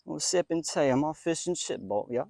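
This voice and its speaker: A man doing a cheeky mock-British bloke pushing tea in a playful, overdone parody accent, with a raised, perky pitch and a dry, close sound. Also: lively intonation, a little fast, vocal fry, warm tone, no room sound.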